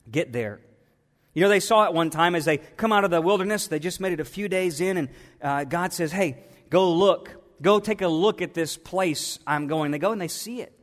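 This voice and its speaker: A man with a high voice delivers a sermon from the pulpit, dropping to near-hushed phrases and then pressing hard on key lines. His voice carries a long reverb, as if filling a large church hall. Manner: preacherly, swings from soft to emphatic. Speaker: pastor.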